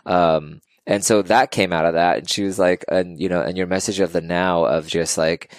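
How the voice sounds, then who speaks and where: A man's voice: low-pitched, normal speed, no room sound, clean studio sound. A man telling stories in a casual podcast interview, earnest and emotional, tearing up as he talks. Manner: earnest, emotional, animated storytelling. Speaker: podcast guest.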